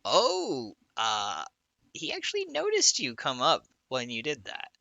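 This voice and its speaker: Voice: mid-range voice, unhurried, gravelly, dry recording. A playful game master running a tabletop game, narrating actions and joking with the players. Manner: playful, laughing, lively narration.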